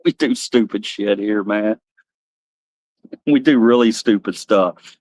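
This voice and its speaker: A man's voice: fairly low pitch, takes it slowly, long pauses, darkish tone, no echo. A man hosting a live stream in loose, joking chat, laughing at himself.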